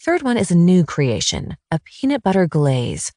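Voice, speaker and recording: A woman's voice: on the low side, wildly swooping pitch, normal speed, darkish tone, no room sound, studio quality. A woman reading as a chatty young mother in an audiobook, speaking eagerly and explaining.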